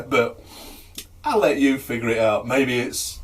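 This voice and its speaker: A man's voice: medium pitch, measured pace, distant mic. A man, chattily telling jokes to camera in a casual, storytelling way. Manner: chatty, lively, chuckles at own jokes.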